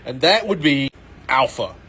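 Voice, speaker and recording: A man's voice: mid-range voice, expressive, measured pace, pushed and bright, breathy edge. A man giving blunt, opinionated casual commentary about a TV series, ranting with exasperation.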